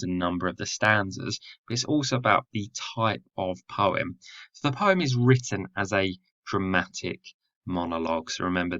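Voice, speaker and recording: A man's voice: sits low, fairly bright tone, highs cut off. A man teaching a recorded lesson on a poem. He explains step by step and often says "so remember" and "um". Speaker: English teacher.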